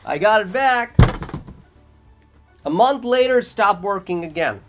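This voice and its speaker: A man's voice: sits high, expressive, unhurried, music in the background, poor audio. A man telling a complaint story to camera in a vlog, exasperated and repetitive in short clipped phrases. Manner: exasperated, retelling phone calls in his own words. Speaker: vlogger reviewing a product.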